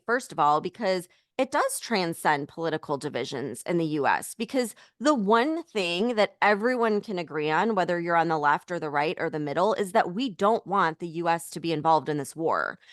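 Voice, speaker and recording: A woman's voice: on the low side, lively intonation, normal speed, dry recording, clean studio sound. A woman co-hosting a political podcast, ranting in a heated, emphatic way in casual chat. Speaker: podcast co-host.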